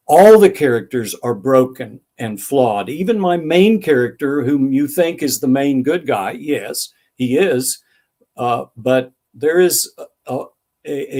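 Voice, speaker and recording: An older man speaks as an interviewed author at an ordinary mid pitch. He answers thoughtfully and tells anecdotes, acting out remembered dialogue along the way. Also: a little mellow. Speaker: author guest.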